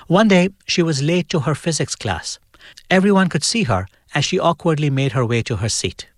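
A man hosting a podcast, reading a scripted introduction and credits in a measured storytelling way. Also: a little high, expressive, dry recording, studio quality. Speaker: podcast host.

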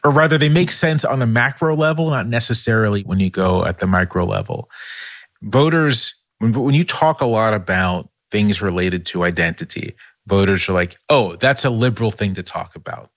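A man with a low voice talks through politics in a relaxed podcast conversation. He circles his points, restarts his sentences and checks in with "right?" as he goes. The recording is dry and close, with no room sound. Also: normal speed, dry recording. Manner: thinking aloud with many restarts and "right?" tags. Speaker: political analyst. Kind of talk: casual podcast discussion.

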